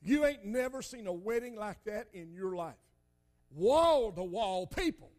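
High-voiced older preacher. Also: male voice, lively intonation, measured pace. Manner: folksy storytelling, loud emphatic bursts. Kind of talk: sermon.

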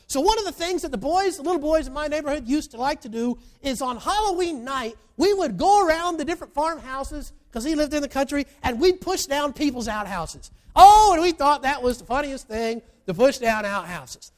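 A man preaching a sermon, telling a story with lively swings between loud emphasis and quiet, low asides. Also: brisk, hardly any pauses.

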